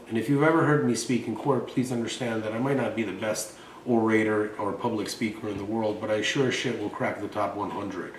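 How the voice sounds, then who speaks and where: A man's voice: lowish voice, reverberant, recorded from a distance, a little hiss or hum, rough recording. A man in his forties, from Russia, hosting a show and talking in a blunt, boastful, profane way. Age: 40s. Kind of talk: casual monologue and storytelling.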